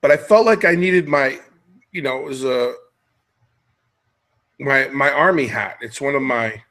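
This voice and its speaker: A man's voice: medium pitch, a little slow, fairly bright tone. A middle-aged man hosting a podcast, chatting casually and jokily as he wanders off on tangents. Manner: rambling, jokey, jumps between tangents. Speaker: podcast host.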